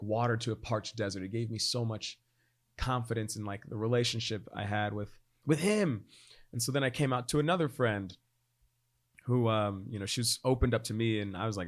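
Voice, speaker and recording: A man in his thirties, a podcast guest, telling a personal story in a casual, animated way, acting out quoted voices and laughing often. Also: normal speed. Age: 30s. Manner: animated, acts out quoted voices with big pitch jumps; laughs often, frequent fillers like "like".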